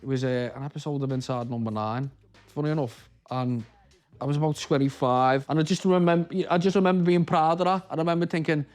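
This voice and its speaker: A man in his thirties from Liverpool with a Liverpool accent, telling stories from his acting career in a relaxed interview, rambling and restarting often. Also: a little high, a little fast, soft background music. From Liverpool, England. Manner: rambling, many restarts and "you know", local slang. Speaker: actor, interview guest.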